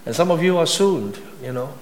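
A man preaching a sermon as a pastor, emphatic and repetitive, often building to high, intense passages. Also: expressive, fairly quick, slight background noise. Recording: long hall reverb.

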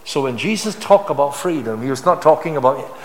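A middle-aged man with a Malaysian English accent, preaching a sermon as pastor, stressing phrases by repeating them and moving between loud and hushed delivery. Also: medium pitch, animated, brisk. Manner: emphatic preaching, repeating key phrases and swinging from loud to soft. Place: large church hall. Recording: echoey church hall with long reverb.

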